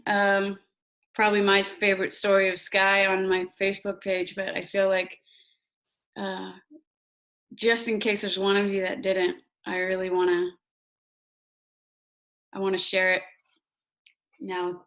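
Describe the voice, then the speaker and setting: A woman in her forties hosting a memorial over a video call, speaking gently and softly. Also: medium pitch, little pitch movement, a little slow, pauses often. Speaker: memorial organizer and host.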